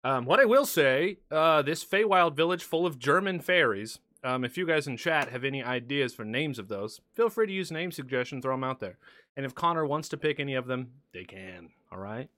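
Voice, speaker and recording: A man's voice: mid-range voice, animated, a little fast, sharp tone, dry recording. A man hosting a tabletop game session, talking loosely and swearing casually between questions. His voice rises and falls a lot as he talks. The sound is dry and close. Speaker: game master. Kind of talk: casual streamed game chat.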